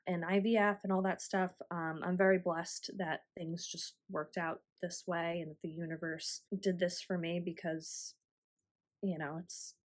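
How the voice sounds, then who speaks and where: A woman around thirty chatting casually as a knitting vlogger, rambling with frequent ums and laughing warmly now and then. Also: on the low side. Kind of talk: casual chat.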